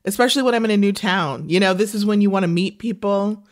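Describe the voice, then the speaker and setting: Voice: medium pitch, quick pace. A podcast co-host chatting casually in a rambling way and laughing often.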